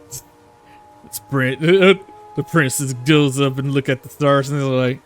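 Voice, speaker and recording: A man's voice: mid-range voice, fairly even intonation, unhurried, faint music behind. A man narrating a tabletop game as game master, rambling with fillers and laughs.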